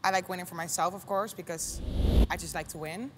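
A woman's voice: on the low side, fairly quick, long reverb tail, noisy background. A young woman in her twenties with a Dutch accent, a guest athlete chatting casually and saying "like" a lot. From Netherlands. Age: 20s. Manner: relaxed, lots of "like" fillers. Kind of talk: casual chat.

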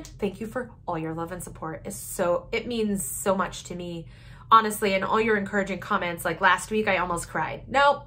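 A heartfelt woman in her thirties talks to her viewers in a casual, open vlog. Her voice sits a little high and stays chatty and sincere throughout. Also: fairly bright tone. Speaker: vlogger running a small jewelry shop. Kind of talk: casual chat to camera.

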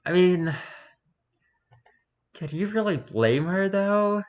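A man reading out posts for his channel as a streamer, with animated, exasperated commentary. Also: high-pitched, slow pace, muffled recording. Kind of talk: casual commentary.

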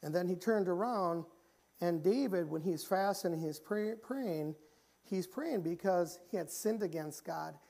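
A man preaching a church sermon, often repeating and restarting phrases and rising in pitch and volume when he reaches the pleading passages. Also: measured pace, vocal fry. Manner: grows louder and higher when pleading passages. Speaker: pastor. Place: church sanctuary.

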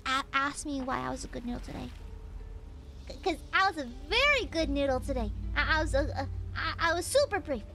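A young woman streaming a game, chatting casually, teasing her chat and reading out donations in a playful, animated way. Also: gravelly, faint music behind. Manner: animated, quick pitch jumps. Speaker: VTuber streamer. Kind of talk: casual live-stream chat while gaming.

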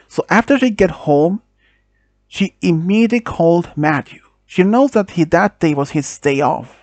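A man narrating an amateur audio story, hesitant and halting with many restarts. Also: high voice, lively intonation, no room sound.

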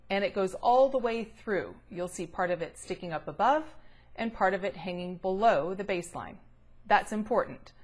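A middle-aged woman gives a recorded grammar lesson, with a voice in a middle pitch range. She explains each step patiently and clearly, slowing to draw out the words she wants to stress. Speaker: grammar teacher.

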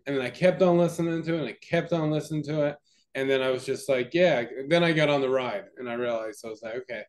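A man's voice: medium pitch, fast talker. A man co-hosting a podcast in casual chat, laid-back and hesitant, with many ums and restarts. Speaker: podcast co-host.

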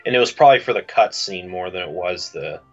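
A man co-commenting on a game playthrough, laid-back, giving brief replies and quiet laughs. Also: deep voice, lively intonation, quick pace, highs cut off, faint music behind. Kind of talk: casual gameplay commentary.

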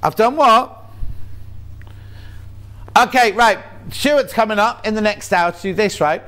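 Chatty uk guy selling fabric on tv, fairly high voice, rambles and jokes around. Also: unhurried, a bit bright. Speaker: shopping channel presenter. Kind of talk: casual chat. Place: TV studio.

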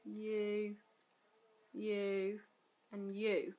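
A woman's voice: medium pitch, completely flat delivery, drawn-out words, muffled recording. Chatty woman muttering over gameplay. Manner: chatty, self-deprecating, mutters to herself. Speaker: gaming YouTuber. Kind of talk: casual gameplay commentary.

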